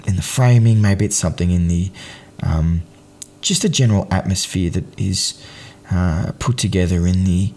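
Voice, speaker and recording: A man's voice: low voice, warm tone. A man hosting a solo film commentary in a casual, rambling way, with many fillers and restarts and a wry, amused tone. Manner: wry, amused at the film's absurdities. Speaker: podcast host, film commentator.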